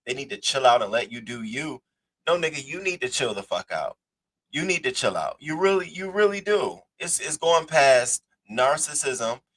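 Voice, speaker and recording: A man's voice: mid-range voice, fairly bright tone, low-quality recording. A man hosting a celebrity news show, delivering a heated, profane commentary rant. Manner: blunt and profane, emphatic.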